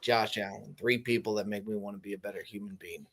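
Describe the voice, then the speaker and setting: A man's voice: fairly low pitch, steady tone, fast, fairly bright tone. A man co-hosting a podcast, bantering casually and mocking himself. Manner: laughing, self-mocking banter. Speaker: podcast co-host. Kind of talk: casual chat.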